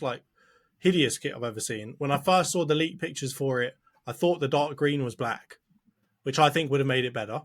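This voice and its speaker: A young man co-hosting a casual football podcast, teasing and mock-insulting his friend. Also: a little high. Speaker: podcast co-host, Arsenal fan. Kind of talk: casual banter about football.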